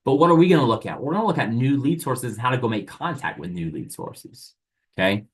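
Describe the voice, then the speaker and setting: An upbeat man leads a live online sales workshop and speaks straight to his trainees. He is animated, argues back against imagined objections and keeps pushing the audience forward. His voice sits in a middle pitch. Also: a little fast. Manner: asks rhetorical questions and plays both sides.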